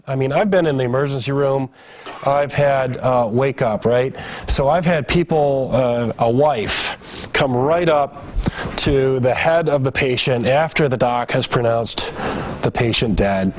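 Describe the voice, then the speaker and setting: A man's voice: mid-range voice, unhurried, slight background noise. A man giving a grief training lecture to emergency staff, talking casually and acting out family members' words with his voice raised. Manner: conversational, acts out family members' lines in raised voice. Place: training room.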